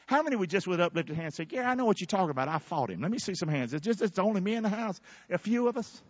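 A man preaching a sermon, calling on his congregation to answer back and bursting out loudly before drawing words out for emphasis. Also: high-pitched, very animated, no room sound, highs cut off. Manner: preaching with sudden loud bursts and drawn-out emphasis. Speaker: pastor. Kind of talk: fiery sermon with call-and-response.

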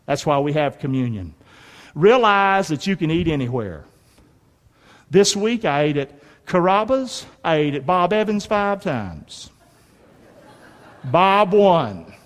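A man preaching a folksy, emphatic sermon in a church and calling on the congregation to answer back. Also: fairly high pitch. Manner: folksy and emphatic, calls for response. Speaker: pastor. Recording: long reverb of a large hall.

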